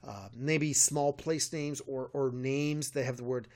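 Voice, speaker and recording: A man's voice: medium pitch, fairly even intonation, a little slow, a little mellow. An American man co-hosting a podcast, explaining at length with many fillers and restarts, chuckling often, recorded on a studio mic. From United States. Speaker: podcast co-host, medievalist. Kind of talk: casual podcast chat.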